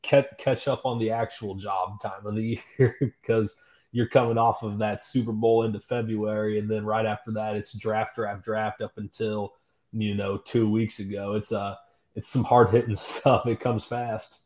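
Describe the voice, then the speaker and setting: A man's voice: fairly low pitch, flat delivery, normal speed, a little mellow. A man co-hosting a sports podcast, laid-back and a little hesitant, chuckling between thoughts. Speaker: sports writer and podcast co-host. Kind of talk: casual sports podcast chat.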